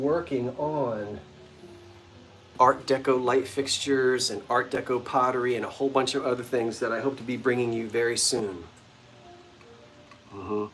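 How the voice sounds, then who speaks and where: A man hosting a vintage-goods live stream from a house's front porch, chatting playfully and joking with his viewers. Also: mid-range voice. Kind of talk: casual live-stream chat. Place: front porch of an old bungalow at sunset.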